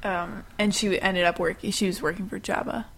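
A woman co-hosting a podcast in casual chat, agreeable and quick to affirm. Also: medium pitch, steady tone, vocal fry, a bit bright, breathy edge. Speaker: podcast co-host.

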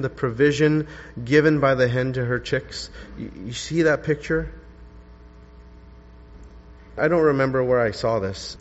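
A preacher man in a reverberant hall. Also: mid-range voice. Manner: earnest expository preaching, reading scripture aloud with emphasis. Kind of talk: sermon. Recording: dull lo-fi sound with long hall reverb.

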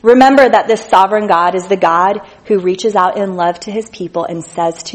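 A woman preaching with earnest conviction, her voice at a middling pitch. She reads scripture slowly, stressing the key words, then drops soft and quiet when she speaks of love. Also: poor audio. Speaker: speaker at a church gathering. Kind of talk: sermon.

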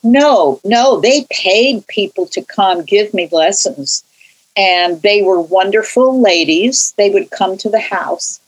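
An older California woman who sings in a church choir is being interviewed about growing up with music. She tells it casually, rambling through tangents and frequent restarts. Her voice is mid-range and animated, her pace slow, and the recording quality is low.

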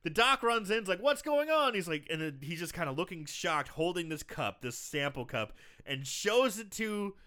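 A man co-hosting a podcast, casually retelling a film's scenes with animated storytelling. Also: fairly high pitch, normal speed. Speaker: podcast co-host. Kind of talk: casual movie recap chat.

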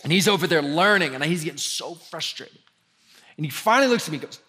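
A young man from the preaching a conversational sermon as pastor, rising in pitch and volume when he drives a point home. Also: expressive, quick pace, sharp tone. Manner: conversational preaching with sudden emphatic rises.

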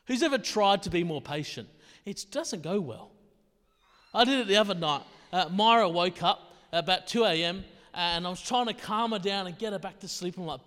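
A man's voice: high-pitched, normal speed, fairly bright tone. A man preaching a sermon in a conversational way, firing off rhetorical questions. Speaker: pastor. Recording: long reverb of a large hall.

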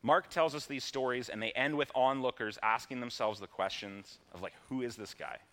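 Man, pastor, mid-pitched, relaxed conversational sermon delivery. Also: moderate pace. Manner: conversational and plain-spoken, with casual asides.

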